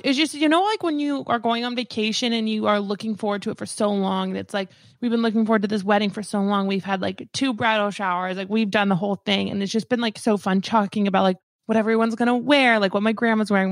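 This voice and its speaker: A woman's voice: medium pitch, no echo, clean studio sound. A young adult woman co-hosting a podcast, chatting casually and emotionally with many fillers. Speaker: co-host. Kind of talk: casual chat.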